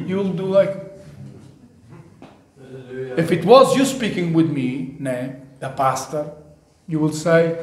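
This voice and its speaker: High-voiced preacher man, echoey church. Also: unhurried, long pauses. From South Africa. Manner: animated preaching, acts out voices. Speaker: pastor. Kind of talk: sermon. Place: church during service.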